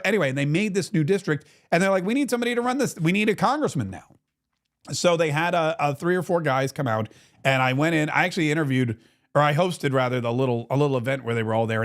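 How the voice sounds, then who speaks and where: A man hosting a political talk show, telling a rambling story in a casual, animated way. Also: on the high side. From Florida.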